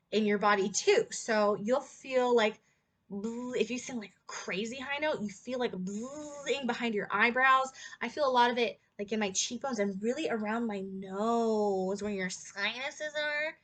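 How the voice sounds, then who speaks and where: A young woman with a slightly higher-than-average voice teaches singing in a casual, chatty way. She stops now and then to sing short demonstration notes. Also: normal speed, fairly bright tone. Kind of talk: casual vocal lesson.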